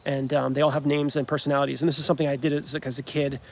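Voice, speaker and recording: A man's voice: mid-range voice, flat delivery, rapid-fire, gravelly. A man, a comedy creator, chatting casually on a livestream, rambling with many restarts and ums. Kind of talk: livestream chat.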